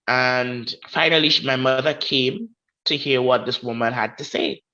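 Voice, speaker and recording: A woman's voice: a bass voice, lo-fi sound. Grenadian woman telling a vivid story. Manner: vivid, acts out quoted voices. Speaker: podcast guest. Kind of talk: personal storytelling.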